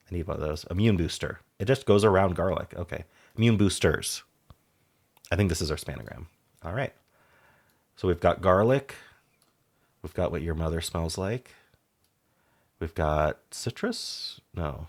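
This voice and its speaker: A man with a sore throat thinking aloud as he solves word puzzles, musing half to himself and trailing off. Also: sits low. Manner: muses half to himself, trails off, sudden brighter asides. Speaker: puzzle game streamer. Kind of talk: casual thinking aloud while solving puzzles.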